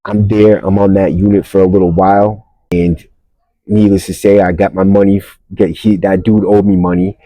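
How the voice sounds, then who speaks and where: A man's voice: low voice, little pitch movement, moderate pace, no echo, lo-fi sound. A man hosting a podcast, telling a story casually in blunt street slang and calling the listener bro. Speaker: podcast host.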